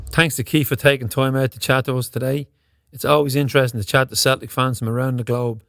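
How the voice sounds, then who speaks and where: A man reads out the podcast's closing thanks and plugs in a steady, scripted delivery. His voice is mid-pitched, and soft music plays quietly under him. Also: quick pace, creaky. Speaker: podcast presenter. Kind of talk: scripted outro announcement. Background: faint music.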